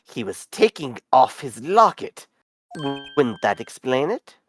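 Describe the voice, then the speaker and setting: A formal courtroom judge read out by a player during a game session speaks in measured, deliberate lines. The pitch swings widely, and a faint game score plays underneath. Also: big pitch swings, faint music behind. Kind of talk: reading game dialogue aloud.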